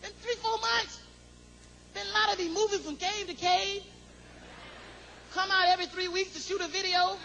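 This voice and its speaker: A man doing stand-up comedy as host of a live show, riffing in a high, animated voice. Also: normal speed, vocal fry, pauses often. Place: stage before a live audience. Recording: loud crowd and noise, live venue.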